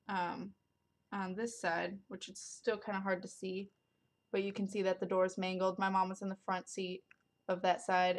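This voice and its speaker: Rambling woman vlogger full of ums. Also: medium pitch. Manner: rambling, filler-heavy, many ums and likes. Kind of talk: casual storytelling to camera.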